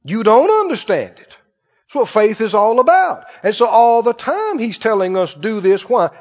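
High, lively folksy preacher in a hall. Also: male voice, moderate pace. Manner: folksy storytelling, asks the congregation "Right?". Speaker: pastor. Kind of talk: sermon. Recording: dull lo-fi church recording with long reverb.

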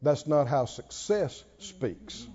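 A man preaching a sermon, swinging from near-shouts down to hushed tones, often laughing between lines. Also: a little high, expressive, takes it slowly, muffled recording. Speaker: pastor.

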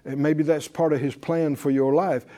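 A man's voice: fairly high pitch, little pitch movement, moderate pace, dark tone. A man preaching a sermon, reading verses with emphatic rhythm and leading the congregation in repeated call-and-response. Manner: leads audience in repeated responses.

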